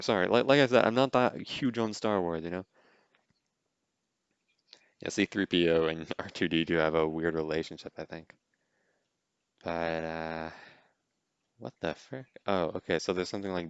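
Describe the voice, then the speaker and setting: A man's voice: low-pitched, fairly even intonation, moderate pace, long pauses, clear, resonant tone, no echo, lo-fi sound. A man hosting a podcast, giving a casual, rambling reaction commentary on a movie, with lots of "like" and "you know.". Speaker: podcast host.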